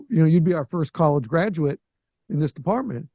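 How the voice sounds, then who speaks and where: An older man in his sixties hosts a casual podcast chat and tells stories with animation, slipping into other people's voices. His voice sits a bit high and has a mellow, warm tone. The sound is close and dry. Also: normal speed, dry recording, highs cut off. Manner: animated storyteller who acts out quoted voices. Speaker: podcast host. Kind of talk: casual storytelling.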